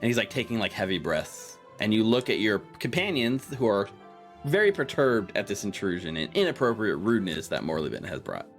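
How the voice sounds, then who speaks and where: A man's voice: lowish voice, sing-song, brisk, soft background music. A man narrating a tabletop game as game master, in a casual way full of "like" and fillers.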